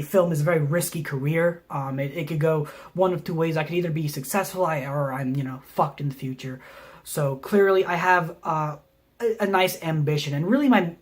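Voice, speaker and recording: A young man from Tennessee, a film student, delivering a mock pitch video in a deadpan, rambling way, full of ums and restarts. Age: young adult.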